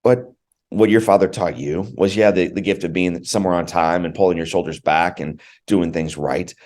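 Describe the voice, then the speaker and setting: Deep-voiced man telling his story earnestly. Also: steady tone, moderate pace, a little mellow. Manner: earnest, heartfelt, repeats words for emphasis. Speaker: podcast guest. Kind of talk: personal storytelling in conversation.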